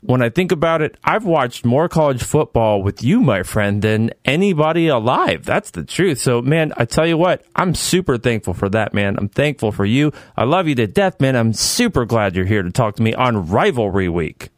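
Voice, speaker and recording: A man's voice: mid-range voice, expressive, moderate pace, few pauses, no echo, clean studio sound. A man hosting a podcast in casual chat, jokey and rambling with earnest asides. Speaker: podcast host.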